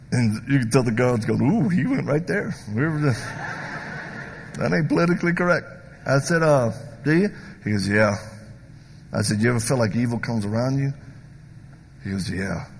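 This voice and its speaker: Gravelly animated preacher in a hall. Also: male voice, mid-range voice, moderate pace, pauses often, a little hiss or hum. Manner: animated, joking storyteller who acts out voices. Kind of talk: sermon with storytelling. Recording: long hall reverb.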